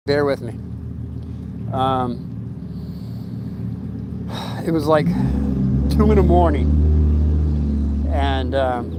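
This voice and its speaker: A man's voice: fairly high pitch, heavy background noise. A middle-aged man telling a long story in a casual vlog at his home, rambling with fillers and restarts, and briefly acting out the voices of the people in it. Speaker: storyteller vlogger.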